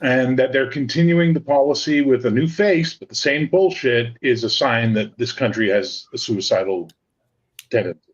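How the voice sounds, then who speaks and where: A man's voice: mid-range voice, normal speed, slightly rough. A Canadian man ranting profanely about politics in casual banter with friends. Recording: slightly dull lo-fi audio.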